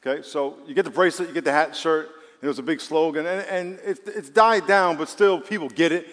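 A male preacher giving a sermon, animated and acting out quoted voices. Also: fairly high pitch, fairly quick. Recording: long reverb of a hall.

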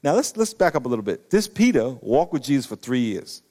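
Excitable preacher man. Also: mid-range voice, brisk. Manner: animated, excitable preaching with bursts of loud emphasis. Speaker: pastor. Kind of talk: sermon.

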